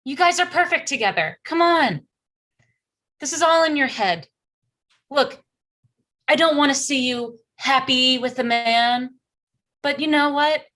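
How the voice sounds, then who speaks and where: A bubbly 1950s teen girl who bosses her best friend around, played by a woman. Her voice is high and chirpy, pushing and cajoling in a live improv comedy scene. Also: expressive, unhurried, pauses often, bright, forceful tone, exaggerated voice. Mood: coaxing. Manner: chirpy, pushy.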